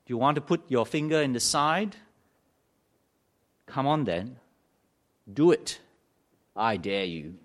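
Preacher doing Jesus, firm and daring, lively pitch, sermon retelling. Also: male voice, takes it slowly, long pauses. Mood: challenging. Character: risen Jesus, adult man, challenging doubter.

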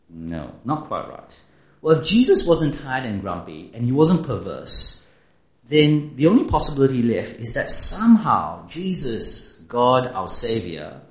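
A man preaching a sermon in a conversational style that poses many rhetorical questions to the listeners. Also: medium pitch. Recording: roomy echo.

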